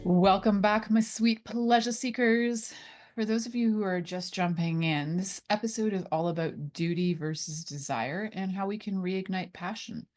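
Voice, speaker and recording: A woman's voice: medium pitch, normal speed, darkish tone, soft background music. A woman hosting a radio talk show as an intimacy coach, chatting in a playful, loose way with lots of fillers.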